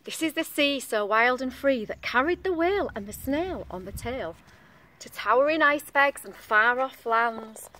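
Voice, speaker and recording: A woman's voice: high voice, expressive, moderate pace, sharp tone, a little hiss or hum. A woman reading a picture book aloud to young children in a sing-song voice, stopping to ask them questions.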